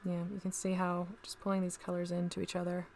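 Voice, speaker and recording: A woman's voice: on the low side, monotone, fast talker, darkish tone, a little hiss or hum. A woman hosting a casual live stream, chatting to viewers as she paints miniatures and talks through each step.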